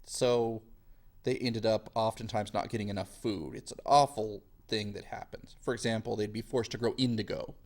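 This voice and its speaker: A man teaching a history lesson in a casual, lively way, sometimes slipping into quick silly voices. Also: on the low side. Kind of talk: classroom lecture.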